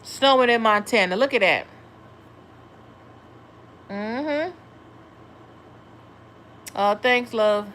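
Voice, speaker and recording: Brightly toned casual tarot streamer woman. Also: fairly high pitch, very slow, pauses often, a little hiss or hum. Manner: blunt, profane, talks back to chat. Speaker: tarot livestream host. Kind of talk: casual livestream chat.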